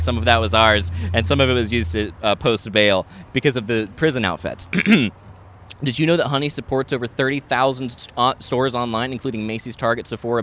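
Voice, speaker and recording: A man co-hosting a podcast, reading a sponsor ad in a deadpan, rambling way full of fillers and jokes. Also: medium pitch. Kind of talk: jokey improvised ad read and casual chat.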